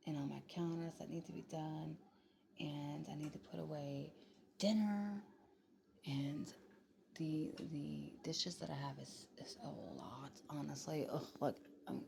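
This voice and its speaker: A woman's voice: deep voice, measured pace, creaky, darkish tone, a little hiss or hum. A tired young woman, rambling casually into her phone late at night at home, swearing freely and slipping into whispers. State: tired and yawning. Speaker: vlogger.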